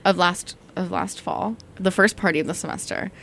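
A young woman hosts a casual chat, steering it along in a halting way with fillers. Her voice sits low for a woman. Faint noise hums underneath the recording. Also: steady tone, vocal fry. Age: young adult. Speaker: host.

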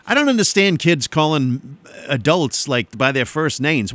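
A man's voice: on the high side, expressive, a little slow, fairly bright tone, no echo. A man DJing on radio, rambling and joking between songs from a studio mic. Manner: joking, rambling, self-mocking.

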